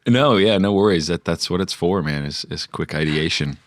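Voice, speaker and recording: Young man, very deep voice, laid-back, dry sound. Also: moderate pace, no room sound. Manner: laid-back, brief agreeing replies. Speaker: podcast co-host. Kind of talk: casual brainstorming chat.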